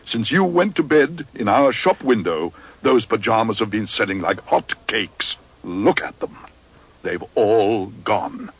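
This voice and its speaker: A man voicing a booming, hearty male store manager in a cartoon storybook. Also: animated, a little slow, breathy edge, exaggerated voice.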